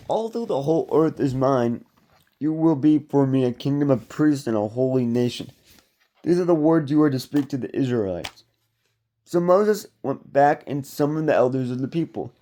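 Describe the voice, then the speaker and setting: Guy reading the bible out loud, mellow low-key tone, steady and even. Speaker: Bible reader. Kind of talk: scripture reading.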